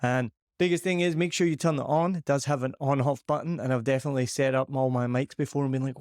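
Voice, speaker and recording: Scottish guy reviewing a mic, casual and upbeat, dry close sound, mid pitch. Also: steady tone, fast talker, few pauses, darkish tone, no echo. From Scotland. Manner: upbeat, chatty, self-deprecating. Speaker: podcast host reviewing microphones. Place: large empty living room with shiny surfaces. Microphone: dynamic microphone on a boom arm.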